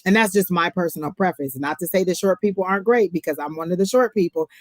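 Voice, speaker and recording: Hosting a casual live-stream tarot reading, a woman talks fast in a lowish voice with no room sound. She is chatty and emphatic and often repeats herself.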